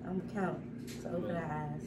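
Woman, vlogger, slow soft chatty delivery, echoey room, distant from the mic, background noise. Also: on the low side, fairly even intonation. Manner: slow, soft, chatty, addresses viewers directly. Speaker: vlogger, expectant mother. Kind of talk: casual family vlog. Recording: echoey room heard from afar, noisy.

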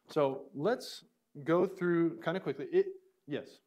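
A man teaching a classroom lesson, slowly sounding out words syllable by syllable and putting questions to his students. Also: medium pitch, expressive, a little mellow.

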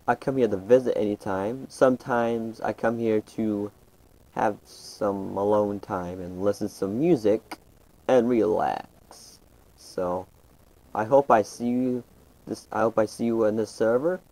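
Guy rambling slow over his game, kinda low voice, keeps restarting what he says. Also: darkish tone, low-quality recording. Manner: rambling, halting, restarts sentences. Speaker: gaming channel host. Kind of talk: casual gameplay commentary.

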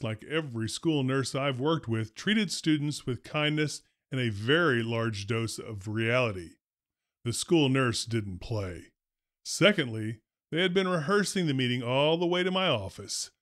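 A man, a former school principal, tells stories from his career in a wry, deadpan first-person narration. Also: medium pitch, a little slow, no echo. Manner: dry, wry humor, deadpan delivery.

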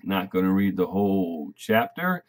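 A man's voice: low voice, unhurried. A man giving an emphatic Bible prophecy teaching, reading scripture aloud and addressing listeners as brothers and sisters. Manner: emphatic, animated preaching with laughs and asides.

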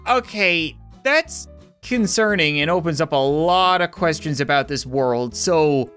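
A woman's voice: low-pitched, lively intonation, a little slow, fairly bright tone, smooth, soft background music. A woman giving rambling, sarcastic commentary while playing a video game. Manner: rambling, sarcastic, laughs often. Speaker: gaming video host. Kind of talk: let's play commentary.

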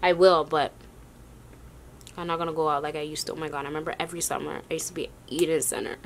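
A woman's voice: deep voice, little pitch movement, fast talker, a little hiss or hum. A young woman casually vlogging a sneaker haul, chatty and rambling, talking to her viewers and short of breath. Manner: chatty, addresses viewers as y'all, rambling asides.

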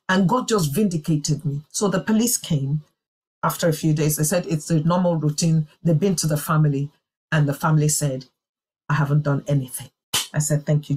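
A woman's voice: deep voice, breathy edge. A woman telling a personal testimony in a sermon, in an earnest and emphatic way. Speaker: church speaker.

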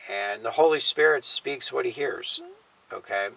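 A man teaching the Bible in a casual sermon style, often tagging his points with a quiet "okay?" or "you know". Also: medium pitch, a little slow, gravelly, low-quality recording. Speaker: preacher.

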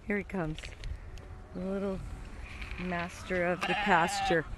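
A woman's voice: lowish voice, fairly even intonation, slow pace, noisy background. A woman chatting casually on an outdoor farm tour, talking fondly to her animals in baby talk. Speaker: farm vlogger.

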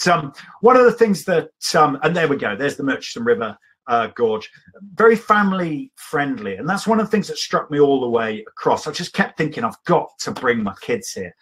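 A man's voice: medium pitch, fairly bright tone, slightly rough. A man giving an enthusiastic, rambling live talk about his travels to an audience, with plenty of ums and asides. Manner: enthusiastic, rambling storyteller with many fillers.

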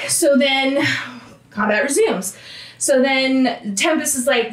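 A woman gives an animated recap of a tabletop game, acting out each character's lines in quick little voices. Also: high-pitched. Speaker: player. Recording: roomy, distant call audio.

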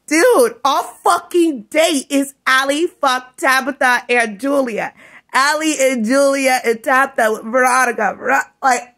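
Woman vlogger, higher voice, slow unhurried delivery, tired, cursing rant. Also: sharp tone. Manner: cursing, scornful, laughing between jabs. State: tired, up all night. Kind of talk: profane ranting monologue.

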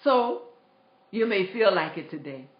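A woman's voice: mid-range voice, lively intonation, a little slow. A woman giving an inspirational talk, repeating her exhortations emphatically and telling stories. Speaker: inspirational speaker. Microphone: tablet. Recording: roomy, dull lo-fi livestream.

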